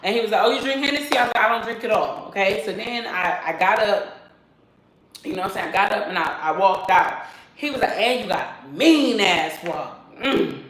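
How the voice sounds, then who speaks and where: A woman talking casually to her viewers in a sassy, animated vlog style, laughing and swearing freely. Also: medium pitch, brisk, echoey room, rough recording. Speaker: vlogger. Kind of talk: casual self-talk vlog.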